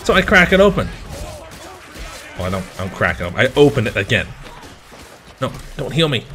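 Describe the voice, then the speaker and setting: A man playing a video game and commenting as he plays, swearing and shouting at the game, then rambling through a story. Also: medium pitch, a little fast, faint music behind. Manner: profane, excitable outbursts at the game; chatty, rambling anecdotes. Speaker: gamer.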